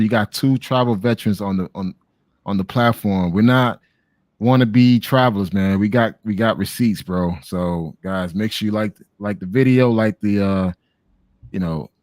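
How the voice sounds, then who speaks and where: American man, from Miami, laid-back, slangy, low-pitched, dry close sound, video call. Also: a little mellow, no room sound. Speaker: guest on travel talk. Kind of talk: casual chat.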